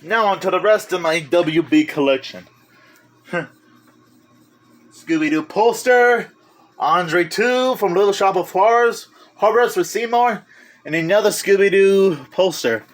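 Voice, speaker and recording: A man with a high-pitched, slightly slow voice casually shows off his home media collection as a collector vlogger. He lists titles one by one, adding chatty asides and correcting himself along the way.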